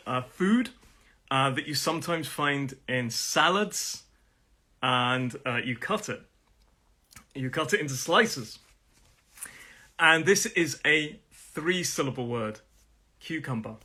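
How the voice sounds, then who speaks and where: A middle-aged man teaching English pronunciation on a live stream, friendly and repeating each word slowly to show the stress. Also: fairly high pitch, pushed and bright.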